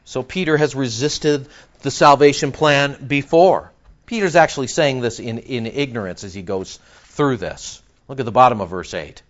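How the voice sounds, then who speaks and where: Animated preacher, man, lo-fi recording. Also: mid-range voice, normal speed. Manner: animated, conversational, jokes with the congregation. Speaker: pastor. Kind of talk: expository sermon.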